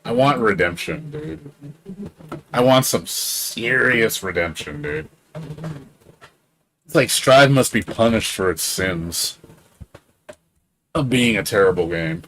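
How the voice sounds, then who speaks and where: A man streaming games live, rambling excitably in casual chat, swearing freely and laughing often. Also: medium pitch, takes it slowly, pauses often, a little hiss or hum. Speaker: game streamer.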